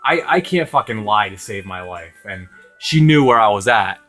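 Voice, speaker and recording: A man's voice: fairly low pitch, animated, moderate pace, a bit bright, soft background music. A young man from Rhode Island, hosting a gaming channel, tells a long rambling story with lots of swearing and laughter. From Rhode Island, USA. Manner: rambling, profane, laughs often. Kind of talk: casual storytelling over gameplay.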